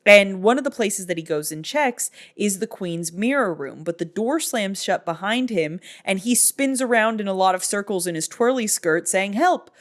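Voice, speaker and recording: A woman's voice: mid-range voice, expressive, moderate pace, few pauses. A woman in her thirties, casually recapping a movie in a chatty, amused, rambling way.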